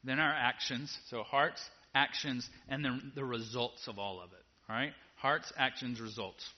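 A man preaching a sermon to a congregation in a casual, direct way, moving between quiet asides and loud emphatic peaks. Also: mid-range voice, fairly even intonation, moderate pace. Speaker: pastor. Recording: dull lo-fi sound.

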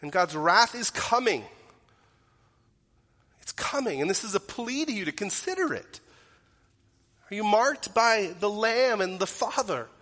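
A man's voice: high voice, lively intonation, unhurried, long pauses, bright, forceful tone. Earnest male preacher in an echoing hall. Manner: earnest, direct questions to the congregation. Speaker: pastor. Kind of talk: sermon. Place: church sanctuary. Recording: long reverb of a large hall.

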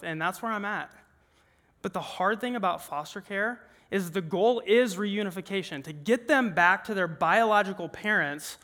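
Bright high-voiced preacher in a reverberant hall. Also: male voice, normal speed. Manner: earnest, conversational preaching. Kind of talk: sermon. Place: large worship room with an audience.

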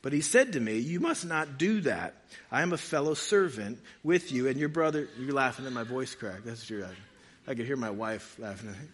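A man's voice: mid-range voice, brisk, a bit bright. A man pastor giving a conversational sermon, reading scripture aloud and joking with his congregation.

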